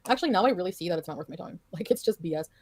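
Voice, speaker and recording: A woman's voice: lowish voice, expressive, very fast, slight background noise. A woman livestreamer ranting in casual chat, blunt, profane and dismissive.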